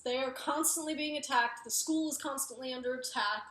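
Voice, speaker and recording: A woman's voice: sits high, moderate pace, fairly bright tone. A young woman giving a casual book review, rambling with lots of fillers. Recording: roomy echo.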